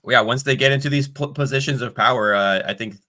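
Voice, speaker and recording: A man's voice: mid-range voice, fast, pushed and bright. A man hosting an open-mic stream and chatting casually, joking with wry asides over a video call. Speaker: stream host. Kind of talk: casual chat.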